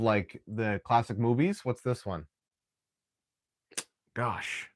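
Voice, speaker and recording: A young man of ordinary pitch talks loosely through a live build. He rambles and restarts his sentences, and he keeps clearing his throat. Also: slow pace, dry recording, studio quality. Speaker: live stream host building Lego. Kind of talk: casual live stream chat.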